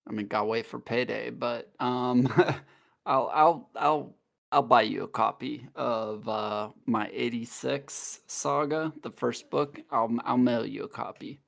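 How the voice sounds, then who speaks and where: A man with a deeply gravelly, fry-heavy voice and an unhurried pace, speaking as a podcast guest. He starts his sentences haltingly and repeats his words before he gets them out. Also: a bit bright. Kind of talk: casual chat.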